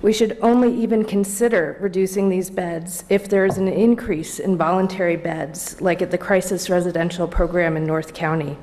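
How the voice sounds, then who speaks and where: A woman's voice: on the low side, steady tone, normal speed, hardly any pauses, a little mellow. A woman legal aid advocate giving a composed, prepared public comment at a county board meeting. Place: council chamber.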